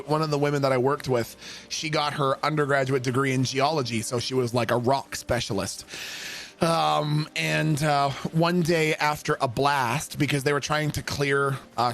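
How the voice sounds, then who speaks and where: A man streaming a game, telling stories in a casual, profane way and often breaking into laughter. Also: medium pitch. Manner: profane, laughing, swings into loud shouted impressions. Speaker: livestreamer. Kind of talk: casual storytelling while gaming.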